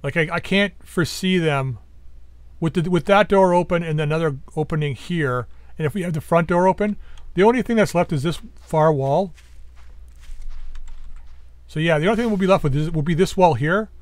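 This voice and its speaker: Man, fairly high voice, casual game commentary, musing aloud, slightly hoarse. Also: normal speed, pauses often, no room sound. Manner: thinking aloud, musing and planning. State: voice going hoarse. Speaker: gameplay commentator.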